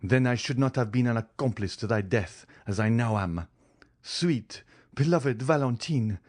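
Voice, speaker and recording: A man's voice: medium pitch, expressive, unhurried, a little mellow, voice pushed up, natural voice. A man voicing an anguished young man who pleads and swears vengeance in an impassioned voice. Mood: grief-stricken vow.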